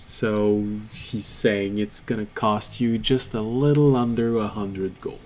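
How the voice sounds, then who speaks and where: A man narrating a tabletop game as game master, deliberate and quick to laugh. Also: lowish voice, steady tone, darkish tone, slight background noise.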